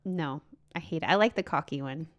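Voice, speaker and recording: A woman co-hosting a comedy podcast, chatting casually with blunt, crude, deadpan remarks. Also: low voice, fairly quick. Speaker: podcast co-host, comic.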